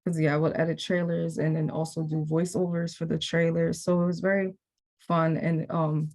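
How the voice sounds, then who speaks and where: A woman's voice: low-pitched, flat delivery, normal speed, a little mellow. A young woman, a program graduate, talking casually on a video call and rambling with many fillers and restarts.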